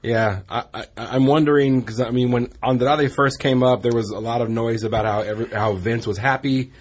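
Husky man rambling about wrestling. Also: mid-range voice, steady tone, fairly quick. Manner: rambling, stumbles and repeats words. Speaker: podcast co-host. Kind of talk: casual wrestling chat.

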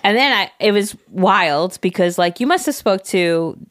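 A middle-aged woman chats on a podcast, retelling a conversation line by line. Her voice is mid-pitched and even. The sound is dry and close. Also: measured pace, no echo. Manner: relaxed, retells conversations with quoted lines. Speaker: podcast guest, host's mother-in-law. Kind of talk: casual storytelling chat.

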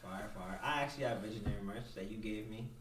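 A man's voice: lowish voice, fast, a bit bright. A man in his early twenties hosting a podcast, talking in easygoing slang and asking his guest questions. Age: early 20s. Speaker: podcast host. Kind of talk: casual podcast chat. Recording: echoey room with crowd noise.

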